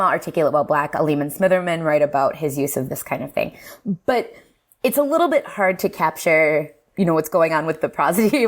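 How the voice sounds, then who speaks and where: Guest linguist, woman, lower voice, animated and laughing, casual explainer. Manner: lively, animated, laughs often, fillers like "um" and "like". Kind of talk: casual explanatory podcast talk.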